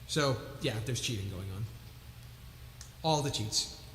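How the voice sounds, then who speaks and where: A man's voice: mid-range voice, expressive, measured pace, fairly bright tone, roomy sound, big-room sound, a little hiss or hum. A man hosting a live music stream, chatting casually between songs in a chatty, self-mocking way.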